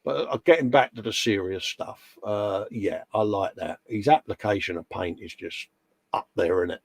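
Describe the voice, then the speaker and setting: A man's voice: fairly low pitch, normal speed, vocal fry, husky, no echo. A middle-aged English man co-hosting a casual live chat, jokey and full of friendly slang, calling everyone mate. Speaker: co-host.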